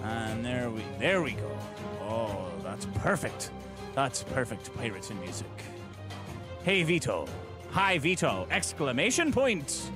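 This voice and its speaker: A man's voice: mid-range voice, big pitch swings, slow pace, over music. A man on a livestream reading an email aloud in a hammy pirate voice, laughing often. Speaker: streamer reading an email on stream. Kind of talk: clip of a livestream, playful reading.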